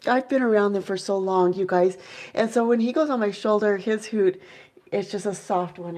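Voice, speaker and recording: A woman's voice: mid-range voice, moderate pace, a little mellow, poor audio. A woman chatting casually with her viewers about her pet owl, enthusiastic and full of fillers, now and then imitating owl hoots. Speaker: owl keeper and vlogger.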